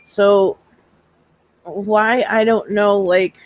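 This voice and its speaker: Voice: medium pitch, drawn-out words. A young adult on a casual livestream panel, telling stories and acting out what people said. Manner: animated storyteller, acts out quotes.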